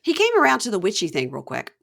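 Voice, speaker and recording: A woman's voice: mid-range voice, huge pitch swings, quick pace, vocal fry, a bit bright. A woman hosting a podcast, recapping reality TV in gossipy casual chat and quoting people in their voices. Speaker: podcast host.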